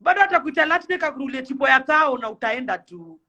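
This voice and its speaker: A young woman with a Kenyan accent speaks in an impassioned rant to camera. Her voice is bright and sharp. She pleads and fires off rapid rhetorical questions. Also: high voice, animated, highs cut off. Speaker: celebrity influencer.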